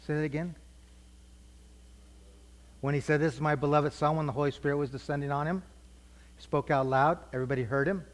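A man's voice: a little high, steady tone, brisk, pauses often. A middle-aged man teaching a church group conversationally, asking questions and repeating their answers. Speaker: preacher teaching a class. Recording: long hall reverb.

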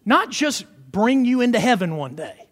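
Fervent high-voiced preacher in a hall. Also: male voice, very animated, normal speed, fairly bright tone. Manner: fervent, punctuates with hallelujahs and praise God. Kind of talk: sermon. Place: church sanctuary. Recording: reverberant hall.

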